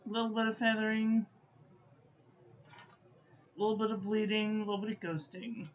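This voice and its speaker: A woman's voice: mid-range voice, level tone, normal speed. A woman giving a casual stationery review, muttering to herself and playfully scolding as she goes. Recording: dull lo-fi audio with faint background noise.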